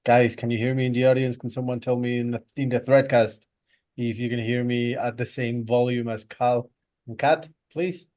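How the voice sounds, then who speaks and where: A man with a Mexican accent talking in a casual live audio chat, pausing and searching for words. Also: medium pitch, steady tone, darkish tone.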